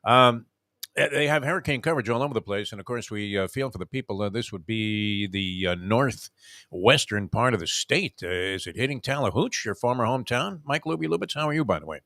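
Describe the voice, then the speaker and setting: An older man hosting a morning radio show, telling rambling stories with lots of "uh" fillers and shouting out quoted lines. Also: medium pitch, expressive, fairly quick, no room sound, studio quality. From South Florida resident for over forty years. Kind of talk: casual morning radio chat.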